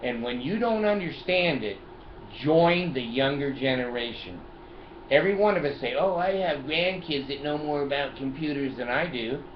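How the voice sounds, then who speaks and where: A man's voice: fairly high pitch, lively intonation, moderate pace. Older man, casual car vlog, chatty and laughing, roomy echo, dull lo-fi sound, faint hiss. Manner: chatty, laughs often, jokey and profane. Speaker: video host. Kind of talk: casual vlog, showing his phone and car gadgets. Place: in his car.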